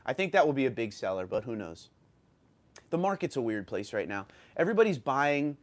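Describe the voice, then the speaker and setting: A man with a New York accent hosting a casual livestream, reading viewer comments and chatting loosely with fillers and restarts. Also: mid-range voice. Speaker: livestream host.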